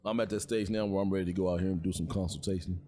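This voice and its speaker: Fast-talking low-voiced middle-aged man. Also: steady tone, dark tone. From United States. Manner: rambling, repeats words when starting a thought. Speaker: podcast co-host, security guard. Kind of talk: casual chat.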